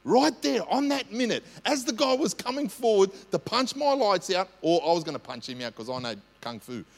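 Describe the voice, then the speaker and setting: High-voiced Australian pastor preaching. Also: male voice, fairly quick, gravelly. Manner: lively storytelling, conversational with frequent "right?". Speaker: senior pastor. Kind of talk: sermon. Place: church. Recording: long church hall reverb.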